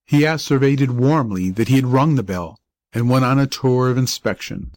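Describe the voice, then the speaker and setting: A male audiobook narrator tells a school story in a measured, even reading voice. His voice sits at an ordinary middle pitch. The recording is dry, with no room sound. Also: no echo. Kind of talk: scripted narration.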